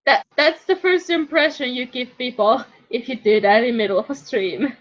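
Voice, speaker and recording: A woman's voice: sits high, animated, normal speed. A woman co-streaming in casual chat, teasing and often stammering over her words. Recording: dull lo-fi stream audio.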